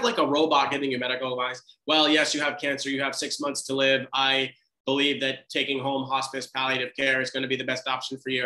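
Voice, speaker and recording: Young man, medical resident, casual talk to students, joking, encouraging, bright voice, echoey video call. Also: a little high. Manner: chatty, joking, encouraging, with many restarts. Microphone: video call mic.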